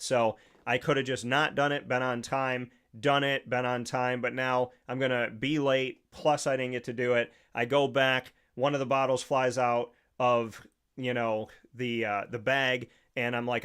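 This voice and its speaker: A man's voice: medium pitch, flat delivery, measured pace, a bit bright, clean tone. A man hosting a sports talk show, telling a long personal story in a casual, rambling way with many restarts. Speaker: show host.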